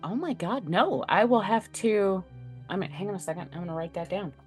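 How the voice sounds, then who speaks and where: A woman guest in a casual podcast chat, eager and animated, laughing easily. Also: mid-range voice, fairly quick, soft background music.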